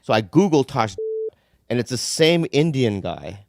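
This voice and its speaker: A man's voice: medium pitch, very animated, unhurried, gravelly, background noise. Guy rambling through a funny story, mid voice, keeps cutting himself off. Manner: rambling, self-interrupting. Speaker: comedian telling a story. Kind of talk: conversational storytelling.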